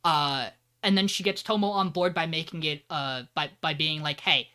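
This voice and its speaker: A man's voice: fairly high pitch, steady tone, moderate pace, sharp tone, smooth. A man co-hosting a podcast, giving a loose, joking plot recap and swearing freely. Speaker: podcast co-host.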